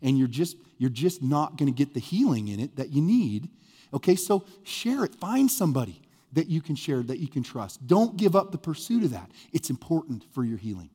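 Male pastor, animated conversational preacher, a touch high-pitched, echoing through a big sanctuary. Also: moderate pace, slightly rough. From US Midwest. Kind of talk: sermon.

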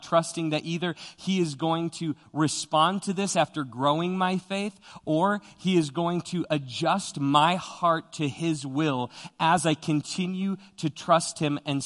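Pastor preaching in an echoing hall. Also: male voice, fairly high pitch, fairly bright tone. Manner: earnest, conversational preaching with repetitions. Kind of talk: sermon. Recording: long hall reverb.

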